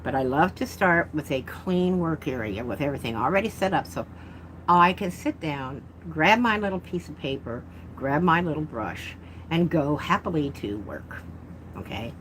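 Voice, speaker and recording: A woman's voice: low voice, expressive, normal speed, slight background noise, rough recording. A woman vlogging as she unboxes art supplies, chatting and rambling with self-deprecating asides. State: talking with mouth full. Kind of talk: casual unboxing chat.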